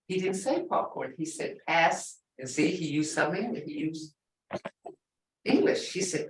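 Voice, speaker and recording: A woman's voice: mid-range voice, lively intonation, a little slow, a bit bright. Older woman teaching, roomy and distant. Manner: chatty, storytelling, repeats words for emphasis. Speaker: language teacher. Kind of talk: online language class.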